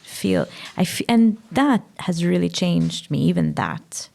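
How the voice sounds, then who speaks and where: A young woman with a Maltese accent, a podcast guest speaking haltingly, searching for words and sometimes dropping to a whisper. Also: lowish voice, sing-song, creaky, dark tone. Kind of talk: emotional personal conversation.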